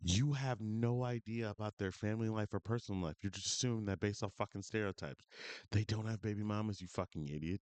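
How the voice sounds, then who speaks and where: A man's voice: lowish voice, fairly quick, a little mellow, no room sound. A man streaming reaction commentary, ranting with profane, berating incredulity into a close mic.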